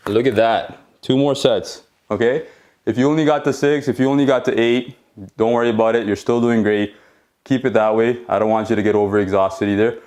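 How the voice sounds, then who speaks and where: A man's voice: medium pitch, a little fast, darkish tone. Male fitness instructor, home workout, supportive rep-counting coach who keeps asking "okay?". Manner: encouraging, checks in with frequent "okay?"; counts reps while exercising along.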